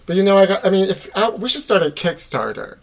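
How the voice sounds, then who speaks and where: A man's voice: sits high, sing-song, fast talker, creaky. A man co-hosting a casual comedic podcast, sassy and dramatic, recorded in a small closet studio. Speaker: podcast co-host.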